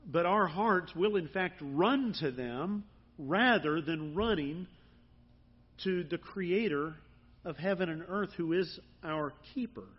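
A man's voice: fairly high pitch, animated, takes it slowly, breathy edge, lo-fi sound. A man preaching a sermon in an earnest, conversational way that builds to bursts of emphasis. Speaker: pastor.

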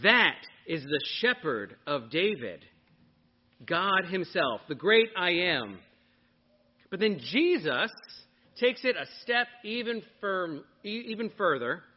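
A man preaching a sermon to a congregation, teaching in an animated way and putting questions to his listeners. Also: high voice, slow, pauses often, muffled recording. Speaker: pastor.

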